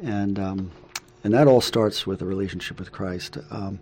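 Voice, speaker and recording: A middle-aged man co-hosting a casual faith talk, halting, with frequent ums and chuckles. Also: deep voice, a little mellow, slight background noise. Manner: halting, with many ums and laughs. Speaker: co-host.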